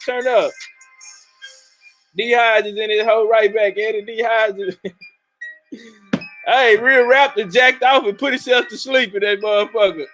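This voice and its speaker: High-voiced, hyped-up profane livestream man. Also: steady tone, unhurried, long pauses, soft background music, poor audio. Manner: loud, profane, hyped-up banter with chat. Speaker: livestream host. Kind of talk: casual livestream shout-outs.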